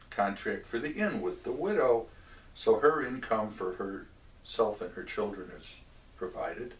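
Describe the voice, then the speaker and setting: A man telling a religious story in a measured way, stopping for asides to the listener. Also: lowish voice. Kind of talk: oral storytelling of a religious tale. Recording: roomy echo, mic at a distance.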